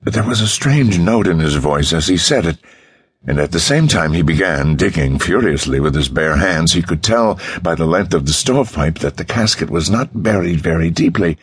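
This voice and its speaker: Male audiobook narrator, very deep voice, husky, measured suspense reading. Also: animated, no room sound, studio quality.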